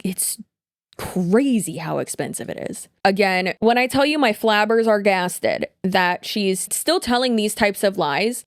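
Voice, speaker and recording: A woman's voice: medium pitch, dry recording, clean studio sound. A woman hosting a casual commentary, talking bluntly and conversationally with lots of "like.". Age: adult. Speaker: commentary host.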